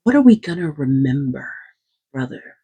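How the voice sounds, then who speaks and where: Husky, earnest warrior prince, read by a woman, for a casual lore retelling. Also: a bass voice, very animated, normal speed, mellow, full character voice. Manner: earnest, pleading questions. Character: proud idealistic male warrior prince.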